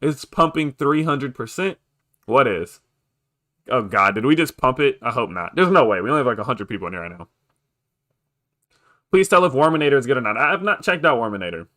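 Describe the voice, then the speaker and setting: A young man streaming live about crypto, hyped and pushy as he begs viewers for likes and gives shout-outs. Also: medium pitch, very animated, brisk, pauses often. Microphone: desk microphone.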